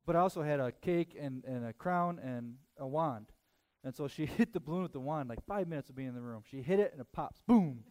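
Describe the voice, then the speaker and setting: Guy pastor rambling thru a funny story in his sermon, kinda high voice, lively and joking at himself. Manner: animated, self-mocking anecdotes with quick asides.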